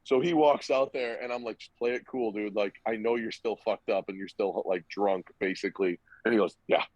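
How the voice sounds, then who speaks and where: A man's voice: fairly low pitch, brisk, darkish tone, no echo. Young guy telling a sweary story on a podcast, acts out the dialogue, muffled lo-fi dry audio. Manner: loose, profane, acts out quoted dialogue. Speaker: podcast guest. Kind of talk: casual storytelling. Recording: dull, lo-fi dry recording.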